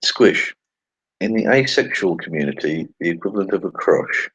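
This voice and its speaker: Low husky sarcastic man. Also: lively intonation, normal speed, a bit bright, dry recording, rough recording. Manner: sarcastic, swears freely, mutters asides. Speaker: channel host. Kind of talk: casual commentary reading tweets aloud.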